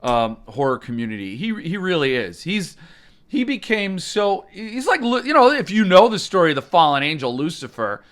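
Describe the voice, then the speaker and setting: A man's voice: sits high, big pitch swings, moderate pace, a bit bright. A man hosting a live stream, ranting in a rambling, mock-outraged way, and he breaks into sudden screams.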